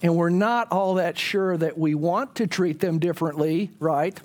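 A man's voice: a little high, moderate pace. A man, a pastor, leading a church Bible class in a conversational way, often putting questions to the group.

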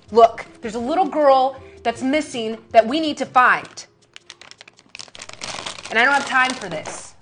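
A woman's voice: high-pitched, slow, long pauses, a bit bright, faint music behind. A woman playing a tabletop game who speaks in character and sighs. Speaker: player. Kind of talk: casual tabletop play.

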